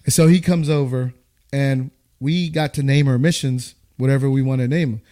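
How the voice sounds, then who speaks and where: Mellow-voiced man telling a war story. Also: mid-range voice, normal speed. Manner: animated, acts out quoted voices, laughs while telling. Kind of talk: casual storytelling.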